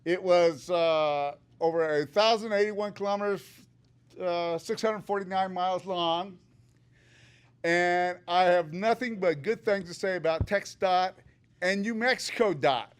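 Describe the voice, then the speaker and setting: Upbeat older man with a high voice. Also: measured pace, clear, resonant tone. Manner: upbeat, joking, chatty. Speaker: public commenter. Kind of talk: public comment at a meeting. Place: public meeting room.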